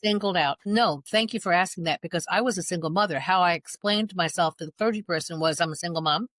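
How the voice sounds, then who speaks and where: Middle-aged mother, guest. Earnest storyteller, lowish voice, dry close recording. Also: fast, fairly bright tone, dry recording. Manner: earnest, reenacts dialogue in her retelling. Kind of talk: personal account in conversation.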